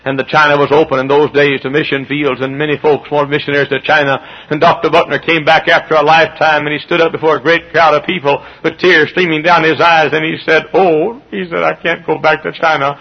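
A middle-aged man preaching as a Baptist pastor, impassioned, dropping to low asides and rising to shouts. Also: flat delivery, quick pace, few pauses. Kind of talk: sermon. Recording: dull lo-fi recording.

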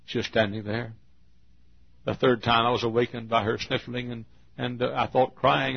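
A man's voice: medium pitch, flat delivery, a little fast, gravelly, breathy edge. A man in his fifties preaching a sermon, telling a folksy personal story and rising into fervent exhortation. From Texas. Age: 50s. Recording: dull lo-fi sermon recording.

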